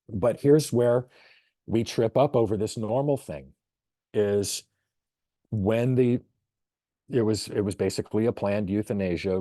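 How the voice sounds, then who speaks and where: A man with a very low, mellow voice presents a webinar for veterinary colleagues. He talks in a thoughtful, storytelling way with measured pauses. The sound is dry and close to the mic. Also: no echo.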